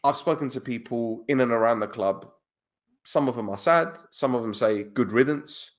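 A man co-hosting a casual football podcast, speaking in a relaxed, blunt and opinionated way about insider club news. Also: mid-range voice, normal speed. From Cyprus. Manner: laid-back, blunt, opinionated.

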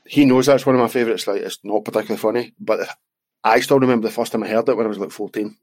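Chuckling Scottish man, low voice. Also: fairly even intonation, very fast, a little mellow, dry recording. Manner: jokey, reads listener jokes, chuckles often. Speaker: podcast co-host. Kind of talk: casual chat.

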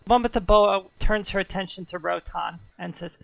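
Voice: mid-range voice, normal speed, gravelly, dry recording. A game master narrating a tabletop game in an easygoing, descriptive way, voice a little strained.

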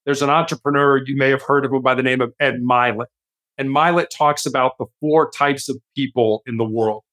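A man's voice: mid-range voice, fairly even intonation, brisk, fairly bright tone. A man, a guest author and speaker, telling stories earnestly in a conversational interview. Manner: earnest, explanatory, acts out quoted lines.

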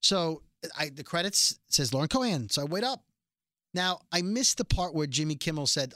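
Bright, rambling male podcast host. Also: fairly high pitch, expressive, normal speed, no echo, clean studio sound. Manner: rambling, self-correcting storyteller. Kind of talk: casual chat.

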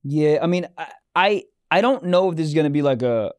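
A man's voice: fairly high pitch, lively intonation, a little fast, a little mellow, clean tone, dry recording. A young man co-hosting a comedy podcast, talking casually in a rambling way and often restarting his sentences. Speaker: podcast co-host.

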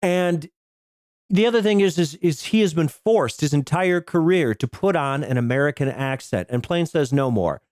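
A man's voice: on the high side, normal speed, a little mellow, dry recording, clean studio sound. Rambling, jokey podcast host man. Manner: rambling, jokey, swears freely. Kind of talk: casual comedic film podcast chat.

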